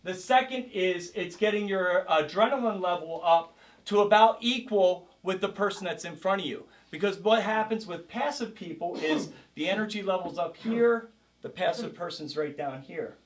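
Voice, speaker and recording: Energetic karate instructor coaching a class. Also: male voice, sits high, moderate pace. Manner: energetic, coaching a group, shouts drills. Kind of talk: self-defense workshop teaching. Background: group of participants.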